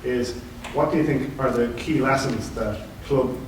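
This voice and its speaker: A man's voice: medium pitch, measured pace. A man in the audience of a conference asks a question from the floor, hesitant and thoughtful with many fillers. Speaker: audience member asking a question. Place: university conference hall. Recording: distant, very echoey hall with noise.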